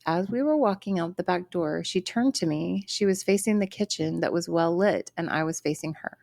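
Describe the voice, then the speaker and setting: Low-voiced woman podcast co-host. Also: normal speed, vocal fry, darkish tone, no echo. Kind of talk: casual chat, reading a listener story aloud.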